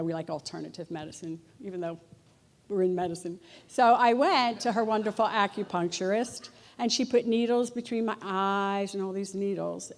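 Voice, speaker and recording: Middle-aged woman, church tribute speaker, lively humorous storyteller. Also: medium pitch. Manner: animated, breaks into laughter. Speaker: church member giving a farewell tribute. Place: church gathering.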